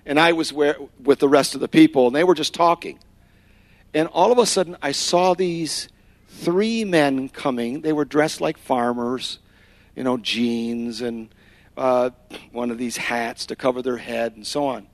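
A man's voice: medium pitch, unhurried, no echo. A man giving a sermon, telling a personal story and acting out the quotes, with Spanish phrases dropped in. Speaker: preacher.

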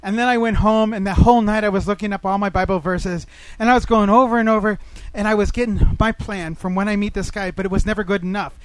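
A middle-aged man with a high voice tells a personal story to listeners. He is animated and emphatic, and he often doubles back and repeats words. The sound is close and dry. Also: fast talker, clear, resonant tone, no echo, poor audio. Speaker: speaker telling a personal story.

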